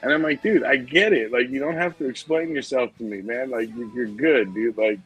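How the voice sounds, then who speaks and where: A middle-aged man co-hosts a loose, profane podcast chat, laughing his way through stories. His voice is husky yet bright and forward. A faint bed of music runs underneath. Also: mid-range voice, a little fast, low-quality recording. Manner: swearing, laughing storyteller. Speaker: podcast co-host. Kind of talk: casual chat.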